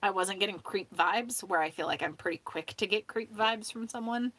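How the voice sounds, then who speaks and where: A woman's voice: mid-range voice, moderate pace, fairly bright tone, dry recording. A woman hosting a casual home stream, chatting in a rambling way, swearing freely and laughing often. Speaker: host of a sewing hangout stream. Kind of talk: casual chat.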